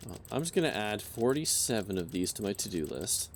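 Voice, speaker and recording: A man's voice: fairly low pitch, sing-song, brisk, slight background noise. A man hosting a casual game stream, joking and swearing as he thinks aloud. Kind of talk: casual gameplay chat.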